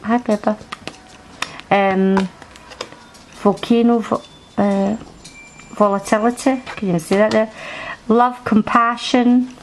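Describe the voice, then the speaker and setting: A woman's voice: mid-range voice, fairly even intonation, takes it slowly, pauses often, slight background noise, low-quality recording. A woman chatting through a card deck review at home, rambling and restarting her sentences. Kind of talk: casual show-and-tell review. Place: at home, indoors.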